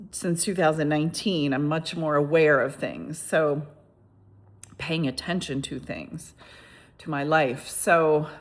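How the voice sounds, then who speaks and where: Woman rambling through a story on her vlog, lots of restarts, slightly low voice. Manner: rambling with frequent restarts and asides; lively, exclamatory retelling. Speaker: vlogger telling a personal story. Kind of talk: casual first-person storytelling.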